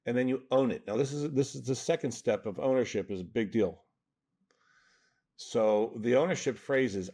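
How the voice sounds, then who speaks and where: A man's voice: mid-range voice, moderate pace, warm tone. A man, a mental toughness coach, explains his ideas in an interview in an earnest, emphatic way. He often checks in with "right?". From New Jersey.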